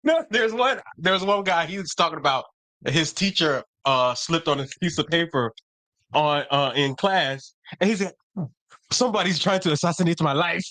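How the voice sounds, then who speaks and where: Male co-host, higher voice, bright and forward tone, dry mic. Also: lively intonation, normal speed, no echo. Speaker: podcast co-host. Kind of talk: casual chat.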